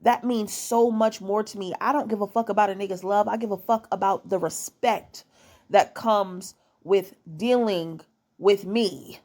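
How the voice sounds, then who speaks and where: A woman's voice: mid-range voice, unhurried, darkish tone. Blunt, profane young woman repeating points for emphasis. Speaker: dating advice vlogger. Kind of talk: casual monologue to camera.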